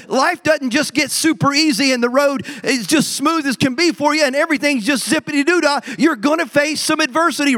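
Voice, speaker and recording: A man's voice: very high voice, a bit bright. A male pastor preaching a sermon to his congregation, emphatic and repetitive, often calling out directly to the people in front of him. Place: church service before a congregation.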